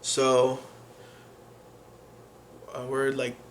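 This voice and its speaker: A man teaching a lesson on pronunciation, explaining patiently with frequent pauses and fillers. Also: medium pitch, monotone, a little hiss or hum. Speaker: language teacher.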